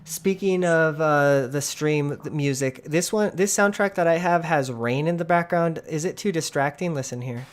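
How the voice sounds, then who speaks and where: A man's voice: fairly high pitch, moderate pace, few pauses. Laid-back podcast host man, laughing a lot. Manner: laughs often, loose and chatty. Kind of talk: casual chat.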